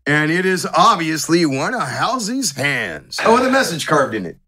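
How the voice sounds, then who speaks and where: A man runs a tabletop game as game master and narrates what happens in a loose, easygoing way. His voice sits a little higher than most men's. He laughs along with the players between turns. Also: sing-song, normal speed, bright, forceful tone, husky.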